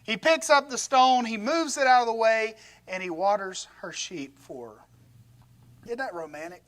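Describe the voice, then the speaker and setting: A man's voice: high-pitched, moderate pace. A man preaching a conversational sermon, retelling a story with animation and folksy humorous asides. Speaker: pastor.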